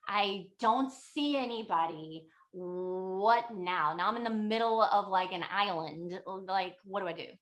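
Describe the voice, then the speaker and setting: A woman's voice: mid-range voice, a little slow, hardly any pauses, a bit bright, lightly acted. A woman voicing an eager male spiritual seeker who pleads and stumbles over his words. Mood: bewildered.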